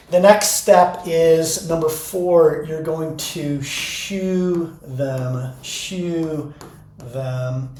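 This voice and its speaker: A man who coaches teachers, explaining classroom steps in a calm, unhurried way and repeating key words. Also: on the high side. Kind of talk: instructional talk to teachers. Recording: echoey room.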